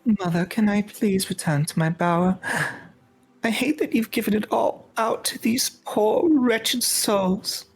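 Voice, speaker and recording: A man's voice: high voice, a little slow, vocal fry, slightly rough, voice pushed up, exaggerated voice. A man voicing a haughty, spoiled female nymph who sighs and whines theatrically. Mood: petulant. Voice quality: whiny, theatrical sighing.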